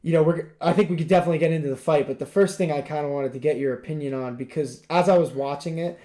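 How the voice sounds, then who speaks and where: Mellow-voiced young man chatting casually. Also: on the high side, quick pace. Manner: rambling, filler-heavy, emphatic. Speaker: podcast co-host. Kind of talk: casual chat.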